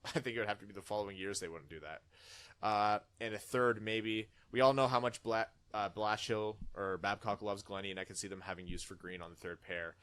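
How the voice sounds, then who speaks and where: A podcast host with a lowish, fairly bright voice reads listener comments on his laid-back show. He keeps things chatty and performs the comments in exaggerated, dramatic voices.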